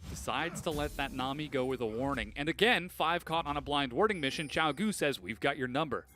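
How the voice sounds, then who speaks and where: A man calling live esports play-by-play, rapid and building to excited bursts on big plays. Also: on the high side, faint music behind.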